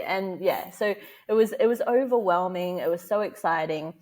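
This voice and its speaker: This podcast guest, a motherhood educator in her thirties, has a fairly low voice and speaks at normal speed with few pauses. She keeps it casual, laughs a lot, and plays out the characters in the story she's telling.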